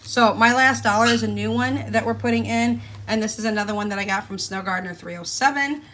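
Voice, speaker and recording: A woman's voice: fairly high pitch, quick pace, fairly bright tone, slight background noise. A woman, chatting casually and folksily to her viewers while stuffing cash envelopes. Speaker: budgeting vlogger. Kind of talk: casual chat to camera.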